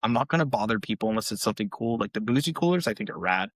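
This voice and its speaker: Softball dad co-hosting, casual and animated, jumps high when he quotes people, dry close sound. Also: very fast, no room sound. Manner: animated, acts out quotes in a raised voice. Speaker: podcast co-host, youth softball coach. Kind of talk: casual chat.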